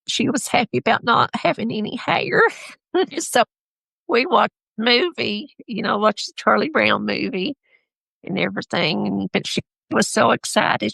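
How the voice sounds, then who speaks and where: Mother as podcast guest: very gravelly voice, close dry mic, rambling heartfelt telling. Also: medium pitch, dry recording. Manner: rambling, heartfelt, with self-corrections and soft laughs. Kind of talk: personal storytelling in an interview.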